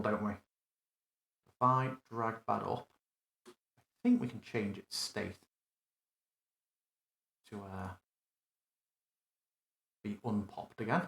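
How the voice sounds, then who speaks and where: A man with a mid-range, fairly bright voice leads a live screen-recorded walkthrough of a virtual tabletop as game master. He thinks out loud in a relaxed way, correcting himself while constructing a scene, and the room echoes.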